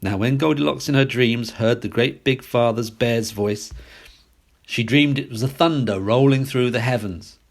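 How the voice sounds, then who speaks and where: A man reading a classic fairy tale aloud as a storyteller, expressive and sing-song. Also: mid-range voice, moderate pace, gravelly.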